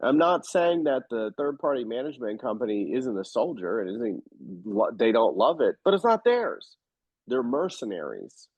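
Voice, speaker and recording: Man, husky voice, lively swooping pitch, blunt interview guest, dull dry recording. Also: moderate pace, no room sound. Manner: animated storyteller, emphatic and blunt. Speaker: real estate investor guest. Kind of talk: casual interview talk.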